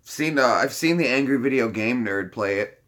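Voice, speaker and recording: A man's voice: mid-range voice, expressive, normal speed, fairly bright tone. Playful man with a stuffy nose. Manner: playful, jokey, laughs between bits. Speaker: live streamer. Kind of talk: casual chat with impressions.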